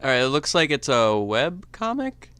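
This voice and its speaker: A man's voice: medium pitch, sing-song, normal speed, fairly bright tone, clean tone, no room sound. A young man co-hosting a live stream, teasing his partner and reading out chat messages. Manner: teasing, reads chat aloud. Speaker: stream co-host. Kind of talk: casual live-stream banter.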